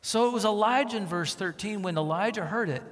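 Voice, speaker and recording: A man preaching a sermon, emphatic, with rhetorical questions to his listeners and volume that swings from loud to hushed. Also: high-pitched, brisk. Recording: long reverb of a hall.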